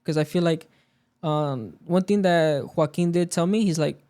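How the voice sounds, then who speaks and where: A man's voice: fairly high pitch, unhurried, warm tone. A man in casual podcast chat, telling a story about work and acting out the quoted lines of the people in it. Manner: storytelling, acts out quoted dialogue. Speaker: podcast guest.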